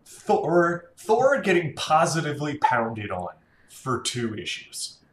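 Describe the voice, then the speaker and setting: In an echoey room with a little background noise, a podcast co-host with a fairly high voice talks slowly about comics. He's casual and enthusiastic, easygoing, and uses relaxed fillers.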